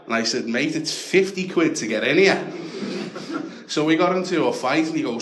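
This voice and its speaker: A young man with a Liverpool accent doing a stand-up set, telling stories deadpan and then shouting the punchlines. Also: a little high, brisk, slight background noise. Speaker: stand-up comedian. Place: comedy club stage with a laughing audience. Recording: echoey club with audience laughter.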